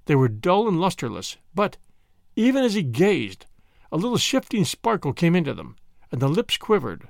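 A man narrating a story aloud, reading in an expressive, dramatic way. His voice sits somewhat high with a very lively pitch, and the sound is dry and close to the mic. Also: normal speed, vocal fry, no room sound.

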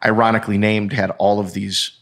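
A man's voice: on the low side, flat delivery, a little fast, a bit bright. A man in casual podcast chat, explaining a finance story at length with restarts and the odd swear word.

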